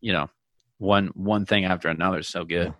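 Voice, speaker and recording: Bright-voiced chatty man. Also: deep voice, fairly even intonation, dry recording. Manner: rambling, restarts, quick asides. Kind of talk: casual chat.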